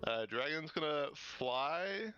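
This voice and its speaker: Male player, bright timbre, jokey, relaxed banter. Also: on the high side, slow, clear, resonant tone, muffled recording, faint music behind. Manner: joking, casual, laughs easily. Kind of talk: tabletop game play.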